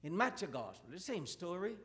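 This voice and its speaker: A man's voice: high voice, big pitch swings, fairly quick, a bit bright, in a large hall. A man preaching a sermon in a church with impassioned delivery and repeated questions.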